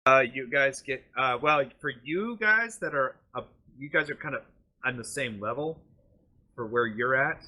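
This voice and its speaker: A man with a bright, forward voice runs a tabletop role-playing fight, pausing and thinking aloud as he makes rulings. His pitch sits in a plain middle range. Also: animated. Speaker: game master. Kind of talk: narrating a tabletop combat.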